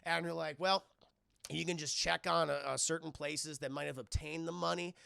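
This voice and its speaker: A man streaming live, recapping a film scene by scene in a profane, animated way and acting out the characters' lines. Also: a little high, normal speed, gravelly, clean tone, no echo, clean studio sound.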